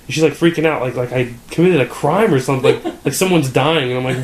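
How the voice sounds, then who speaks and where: A man's voice: mid-range voice, fast talker, few pauses. A young man casually telling a rambling story, full of fillers and swearing. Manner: rambling, filler-heavy, profane. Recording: echoey room, faint background noise.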